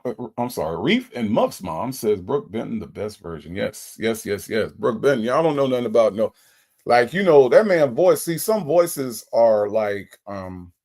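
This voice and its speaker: A man's voice: medium pitch, vocal fry, darkish tone, breathy edge. A man hosting a casual livestream, greeting viewers by name in a folksy, chatty way. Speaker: livestream host.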